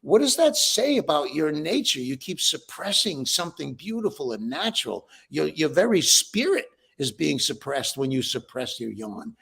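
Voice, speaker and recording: A man's voice: fairly high pitch, very animated, normal speed, gravelly, few pauses, a bit bright, breathy edge. An older man, a breathwork teacher, answering interview questions with enthusiasm and frequent restarts. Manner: enthusiastic, repeats words when starting.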